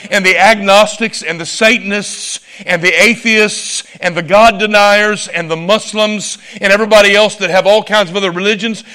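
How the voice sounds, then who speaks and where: A male preacher delivering a sermon, emphatic and swinging from loud exclamations to hushed asides. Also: sits high.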